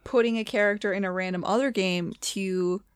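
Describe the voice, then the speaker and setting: A woman's voice: medium pitch, fairly even intonation, brisk, clear, resonant tone, no echo. A woman co-hosting a casual podcast chat, teasing her co-host and laughing along.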